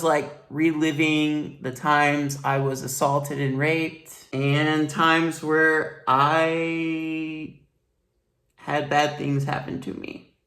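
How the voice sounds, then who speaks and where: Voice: mid-range voice, a bit bright. A vlogger in a rambling, blunt personal commentary monologue, upset and swearing now and then.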